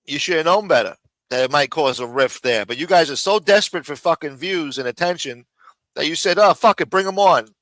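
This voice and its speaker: A man hosts a live stream and tears into his rivals in an angry, mocking rant full of swearing. His voice sits a little high and rings bright and forceful. He talks around a throat lozenge, and the sound is dry and close. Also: fairly quick, no echo, rough recording.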